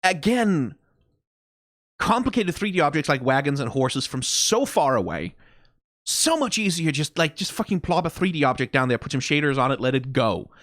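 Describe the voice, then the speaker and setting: A man talks through an anime episode in loose, profane commentary, circling back and restarting his sentences. His voice sits on the high side and swings widely in pitch. The sound is dry and close, with no room around it. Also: normal speed, no room sound. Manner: animated, profane rambling with frequent restarts and laughs. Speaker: anime reaction host. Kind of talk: casual reaction commentary.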